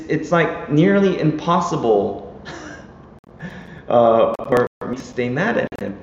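A man's voice: medium pitch, animated, unhurried. Male pastor, thirties to forties, chatty sermon style, roomy and slightly lo-fi with faint noise. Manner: casual, chatty, often asks "right?". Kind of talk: conversational sermon. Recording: echoey hall, dull, faint noise.

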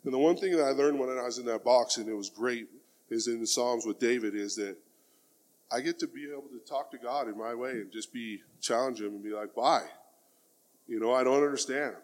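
A man's voice: medium pitch, brisk, darkish tone. Earnest middle-aged man giving testimony. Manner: heartfelt and plainspoken, often says "man". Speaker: speaker giving personal testimony.

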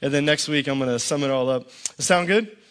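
A man's voice: mid-range voice, a little fast, a bit bright, smooth. A middle-aged man, a pastor, preaching a sermon with dry, understated humor and storytelling. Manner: dry storytelling with quoted back-and-forth.

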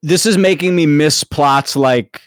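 A man's voice: a little high, unhurried, dry recording, clean studio sound. A man on a casual comedy podcast, asking playful questions and laughing along. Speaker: podcast co-host.

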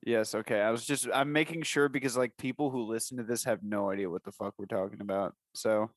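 A man's voice: lowish voice, fairly even intonation, no echo. Dry-sounding crude joking man. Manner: crude, teasing, quick to laugh. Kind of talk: casual comedy chat.

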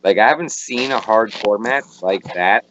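A man's voice: lowish voice, normal speed, fairly bright tone, a little hiss or hum. A man co-hosting a casual sports podcast, joking and slangy. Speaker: podcast co-host. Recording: dry, dull lo-fi.

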